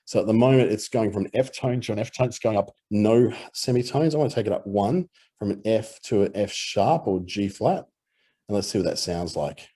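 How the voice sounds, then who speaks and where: A man with an Australian accent explaining audio editing in a relaxed screen-recorded tutorial, with easy fillers. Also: on the low side, brisk, slightly rough.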